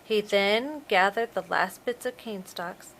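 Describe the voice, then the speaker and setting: A woman, a preschool teacher, reading a storybook aloud to young children in a slow, expressive way. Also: mid-range voice, a little hiss or hum, poor audio.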